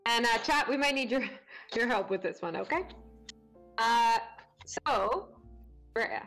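Woman co-host, slightly high voice, upbeat, gushing, faint music behind. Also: expressive, measured pace, a bit bright. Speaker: award show co-host. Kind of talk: casual livestream chat.

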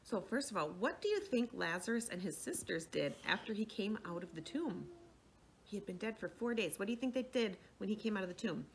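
A young woman who leads children's faith classes, gently telling a Bible story to children and often checking in with them. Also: medium pitch, expressive, a little fast, slight background noise. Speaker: children's faith formation director.

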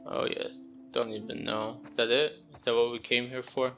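Young man, gameplay commentary, exasperated and groaning, gravelly fry, bright edge, faint game music behind. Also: medium pitch, little pitch movement, moderate pace. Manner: exasperated, groaning reactions, muttering. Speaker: gameplay streamer.

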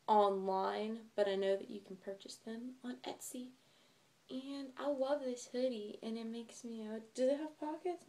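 A woman's voice: fairly high pitch, darkish tone. A young woman vlogging in a casual, chatty way, talking straight to her viewers. Her delivery is bubbly and gushing, and she rambles from one thought to the next. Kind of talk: casual chat to camera.

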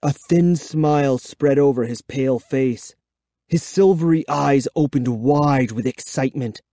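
A man reading a children's horror book aloud, giving expressive, measured first-person storytelling. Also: mid-range voice, no room sound, studio quality. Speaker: audiobook reader. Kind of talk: dramatic audiobook narration.

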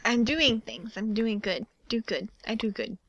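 A woman's voice: fairly high pitch, a little slow, a bit bright, highs cut off, slight background noise. A woman chatting casually while playing a video game, giggling often. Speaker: game streamer. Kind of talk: casual gaming chat.

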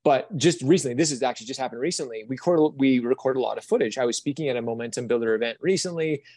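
A young man telling a story as a guest in an interview, earnest and animated, with frequent restarts. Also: medium pitch, racing, no echo.

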